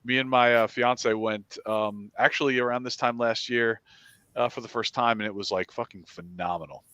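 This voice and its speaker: Relaxed New York man, dry dull sound. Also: mid-range voice, moderate pace, clean tone, no echo. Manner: relaxed, filler-heavy talk. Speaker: podcast guest. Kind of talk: casual chat.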